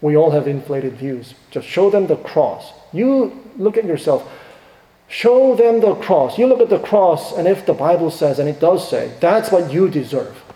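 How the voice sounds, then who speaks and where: A middle-aged man, a pastor, preaching a sermon with emphatic swings between hushed and rising delivery. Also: fairly high pitch, lively intonation, moderate pace, hardly any pauses. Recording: echoey hall with long reverb.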